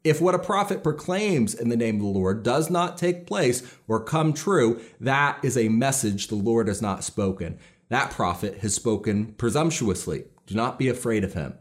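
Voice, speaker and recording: A man's voice: mid-range voice, expressive, moderate pace. A pastor preaching a sermon in an earnest, emphatic way, stressing key lines as he builds his points.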